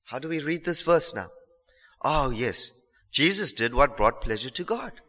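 A man preaching a sermon, earnest and emphatic, repeating phrases and slowing down on key lines. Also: a little high, big pitch swings, sharp tone. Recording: long hall reverb.

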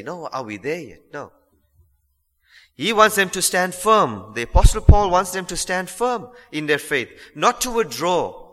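A man preaching with a bright, forceful voice, earnest and emphatic, pressing his listeners with rhetorical questions. His voice rings through a church hall with a long reverb tail. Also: a little high. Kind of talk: sermon.

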